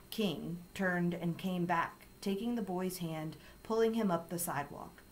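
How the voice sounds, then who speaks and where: Low-voiced woman reading a storybook. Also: a little hiss or hum, rough recording. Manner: calm, steady storytelling. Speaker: story reader. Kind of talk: reading a children's chapter book aloud.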